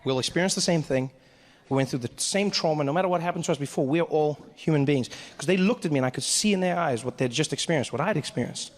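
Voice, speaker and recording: This male comedian talks fast in a slightly high voice, telling a story on stage through a handheld mic. Before the live audience he is animated, acting out each person in the tale.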